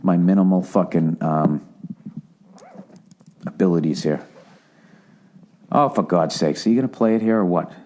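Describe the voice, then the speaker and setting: A middle-aged man from Boston hosting a podcast, ranting casually and profanely, swinging between loud gripes and low muttering. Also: measured pace, pauses often. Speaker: podcast host. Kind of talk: casual comedic podcast rant.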